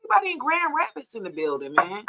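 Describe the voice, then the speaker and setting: A woman's voice: fairly high pitch, wildly swooping pitch, fast talker, pushed and bright, dull audio. Chatty woman on a livestream. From Georgia, USA. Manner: chatty, laughs often, greets viewers by name. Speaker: tarot reader hosting a livestream. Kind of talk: casual livestream chat with viewers.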